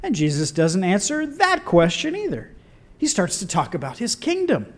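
A man preaching a sermon in an animated, conversational way with wry asides. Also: sits high, normal speed.

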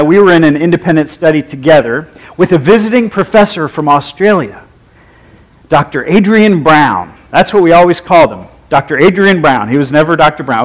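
A man's voice: a little high, low-quality recording. A man preaching a sermon, leading a prayer and telling personal stories in a wry, humorous, conversational way.

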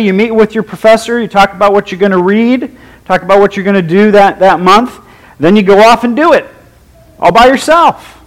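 Male preacher, higher than usual pitch, wry humorous storyteller, conversational sermon delivery. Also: low-quality recording.

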